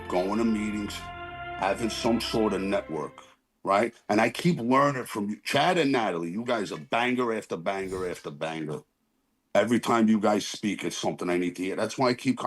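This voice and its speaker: This man's voice is husky and on the low side. Joining a recovery meeting over his phone on video, he gives a casual, heartfelt share, rambling earnestly and apologizing for the swearing.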